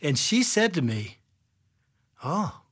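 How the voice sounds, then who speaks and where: A man's voice: fairly high pitch, animated, fairly quick, fairly bright tone, no room sound, studio quality. A middle-aged man, a podcast co-host and chaplain, telling a story in a casual chat and acting out other people's lines with laughs.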